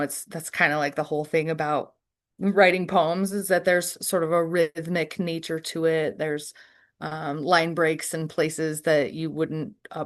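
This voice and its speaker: A woman with a low-sitting voice leads an online poetry workshop. She answers questions slowly and thoughtfully, using many fillers.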